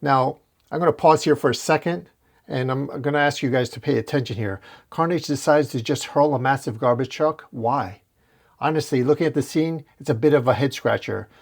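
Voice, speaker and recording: A man narrating a comic book recap at a middle pitch for a man. He tells the story plainly and breaks off for casual, wry commentary. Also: a little fast.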